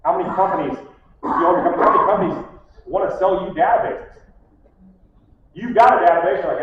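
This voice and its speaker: A man's voice: high-pitched, quick pace, long pauses, slight background noise. A middle-aged man giving a casual conference talk, blunt and full of stories, acting out the people he quotes. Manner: blunt, storytelling, acts out quotes. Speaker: conference speaker. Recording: echoey hall from far off, phone-like.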